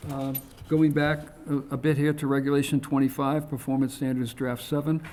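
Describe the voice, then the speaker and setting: A man's voice: medium pitch, little pitch movement, moderate pace, dark tone, slight background noise, low-quality recording. A man chairing a town commission meeting, speaking with frequent ums and uhs. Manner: hesitant, many ums and uhs. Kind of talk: public meeting discussion. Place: meeting room.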